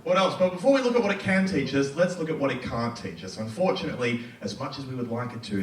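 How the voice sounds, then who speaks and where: A man doing a stand-up comedy set in a comedy club, with a quick, playful delivery and loud acted quotes. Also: mid-range voice, animated, reverberant, recorded from a distance.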